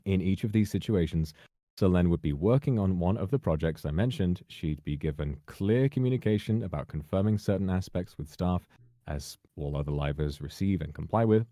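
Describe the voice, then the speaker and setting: A man reading a prepared public statement in a measured, formal, carefully worded way. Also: low voice, mellow, dry recording, clean studio sound. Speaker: person giving a public statement.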